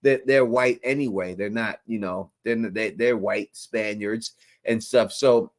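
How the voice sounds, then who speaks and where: A man's voice: on the low side, fairly even intonation, a little slow. A man hosting a live call-in stream, talking bluntly and casually with slang. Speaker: host.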